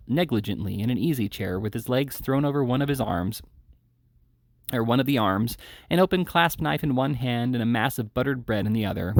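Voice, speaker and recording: A man narrating a classic novel aloud at a steady pace, with a few small restarts. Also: medium pitch, vocal fry, no room sound, clean studio sound. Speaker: reader.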